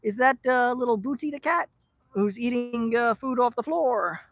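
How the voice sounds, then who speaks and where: A man's voice: very high-pitched, normal speed, fairly bright tone, no room sound. A man vlogging outdoors while feeding rescued street cats, rambling affectionately and teasing the cats by name. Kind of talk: casual chat to camera and to cats. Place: outdoors by a shipping container.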